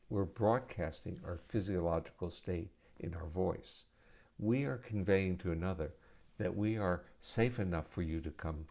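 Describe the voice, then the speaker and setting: A man answering audience questions at a live arts center talk, speaking in a measured, explanatory lecturing way. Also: deep voice, creaky, a little mellow. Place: arts center event space.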